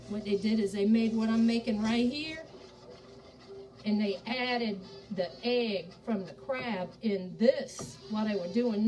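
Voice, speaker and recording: A chatty woman with a Southern American accent, somewhat high-voiced, talks her viewers through a recipe at the stove as y'all. She sounds a little away from the camera's mic, with faint music playing underneath. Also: darkish tone, recorded from a distance, low-quality recording. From Charleston, South Carolina. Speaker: cooking show host. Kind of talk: live cooking demonstration.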